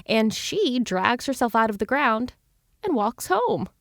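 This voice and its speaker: A woman co-hosting a podcast, telling a macabre folk tale in a playful, giggly way. Her voice sits fairly high, and the sound is dry and close. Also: big pitch swings, a little slow, dry recording. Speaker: podcast co-host. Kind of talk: storytelling history podcast banter.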